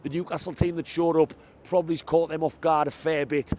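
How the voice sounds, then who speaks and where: Man, football fan vlogger, post-match reaction, slightly high voice, chatty and emphatic, handheld mic outdoors. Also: little pitch movement, a little fast, a little mellow. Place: outdoors near a football stadium. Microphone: handheld microphone.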